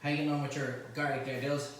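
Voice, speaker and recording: In a medium-pitched, fairly flat voice, a middle-aged Irish cooking show host talks quickly through a recipe during a live demonstration in his home kitchen, joking with his helpers. The mic sits far away in an echoey kitchen with faint noise.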